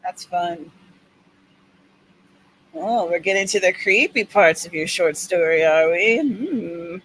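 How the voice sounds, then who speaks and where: A woman's voice: fairly low pitch, takes it slowly, rough recording. Woman host, casual chat, teasing, faint background hiss. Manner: chatty, teasing, animated storytelling. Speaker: writing livestream co-host.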